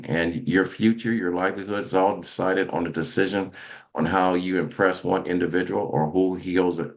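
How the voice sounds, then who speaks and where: A man with an extremely deep voice hosts a motivational podcast. He speaks emphatically, like a preacher, often restarting his sentences. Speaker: host.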